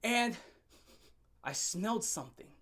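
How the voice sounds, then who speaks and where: A man's voice: high-pitched, lively intonation, measured pace, fairly bright tone. Brash joking young man ranting. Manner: brash, joking, crude, rambling. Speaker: vlogger. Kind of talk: storytime rant.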